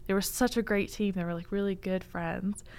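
A woman's voice: mid-range voice, fairly even intonation, brisk, a little mellow, clean tone. A young woman casually telling a history story on a library podcast, laughing often and saying like and um a lot. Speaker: library staff guest presenting book picks.

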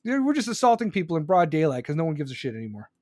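A man's voice: on the high side, sing-song, very fast, a little mellow, no echo, clean studio sound. A man ranting angrily and profanely, heated and sarcastic, saying he is still seething. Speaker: streamer ranting. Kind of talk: angry political rant.

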